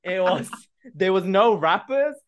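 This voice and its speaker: A man's voice: high voice, lively intonation. Playful man hosting an acting game. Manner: playful, gives quick directions. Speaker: podcast host running an acting game. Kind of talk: casual banter with guests.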